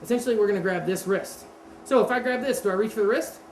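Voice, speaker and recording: Talking fast in a medium-pitched voice, a woman teaches a martial arts seminar in a casual manner. She poses questions to the class and corrects herself, against a roomy echo and steady background noise.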